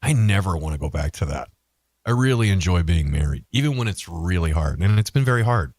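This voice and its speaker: A blunt, profane man in his forties talks on a podcast in a lowish voice. He tells stories with animated swings in his delivery. The mic is close and the sound is dry. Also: a little fast, no echo. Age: 40s. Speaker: podcast co-host. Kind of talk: casual chat.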